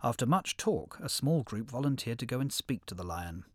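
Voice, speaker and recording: A man narrating an animal fable in an expressive storybook reading. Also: mid-range voice, moderate pace, no room sound, studio quality.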